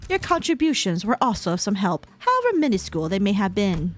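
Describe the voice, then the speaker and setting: A woman voicing a proud, composed woman strategist who speaks formally and in a measured, matter-of-fact way. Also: mid-range voice, big pitch swings, soft background music, pitched below the performer's own voice, close to an everyday voice. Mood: smug.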